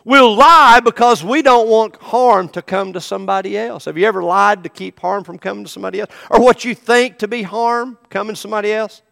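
A man's voice: high-pitched, steady tone, fairly quick, vocal fry, hardly any pauses, sharp tone, long reverb tail. A man preaching a sermon in a folksy, emphatic storytelling manner.

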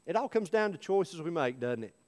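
A man's voice: a little high, very animated, fairly quick, long reverb tail. A male pastor preaching a sermon in an earnest, folksy way, telling stories. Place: church.

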